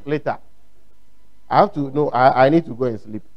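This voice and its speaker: A man's voice: mid-range voice, normal speed, highs cut off. A man with a Ghanaian English accent preaching a sermon, emphatic and repeating his points, acting out quotes. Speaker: pastor.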